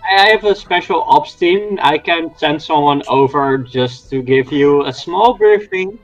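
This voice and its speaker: Hesitant man player, slightly high voice. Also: unhurried, dull audio, faint music behind. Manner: hesitant, full of fillers. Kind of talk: casual tabletop game chat.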